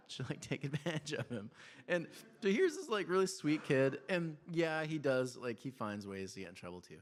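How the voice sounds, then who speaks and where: A man in his thirties preaching a sermon in a church, telling family stories in a conversational, animated way with laughs and quiet asides. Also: on the high side, moderate pace. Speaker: pastor.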